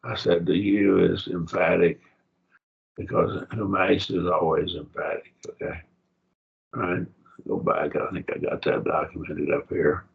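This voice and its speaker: Slow, gravelly-voiced man teaching a Bible class. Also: sits low, fairly even intonation, narrow, tinny audio. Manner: unhurried, explains Greek grammar step by step, checks in with the class. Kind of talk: college-level Bible study lesson.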